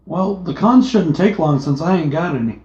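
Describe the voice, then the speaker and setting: This podcast co-host has a fairly high, mellow, animated voice and speaks at a moderate pace. His casual movie review is laid-back, full of jokes and free swearing, captured in an echoey room with dull lo-fi audio.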